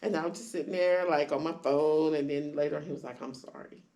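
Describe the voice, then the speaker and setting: A woman candidly telling her own story in conversation, acting out quoted lines with sudden jumps in pitch. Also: fairly even intonation, a little fast, dark tone. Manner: acts out quoted dialogue with big pitch jumps. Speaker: guest sharing her story.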